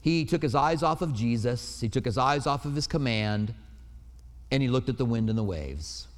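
A man's voice: medium pitch, lively intonation, normal speed. A man preaching a sermon in an earnest, storytelling way, with personal anecdotes. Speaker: pastor. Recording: reverberant hall.

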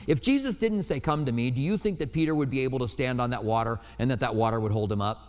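A man's voice: medium pitch, fast talker. A man preaching a sermon in an earnest, storytelling way, with personal anecdotes. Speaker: pastor. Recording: reverberant hall.

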